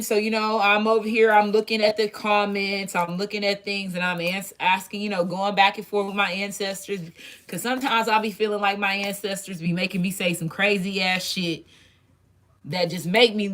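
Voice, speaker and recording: A woman's voice: mid-range voice, steady tone, moderate pace, fairly bright tone. A woman hosting her own tarot channel, talking loosely and profanely with lots of restarts and asides. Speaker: tarot reader and channel host. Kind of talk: casual chat.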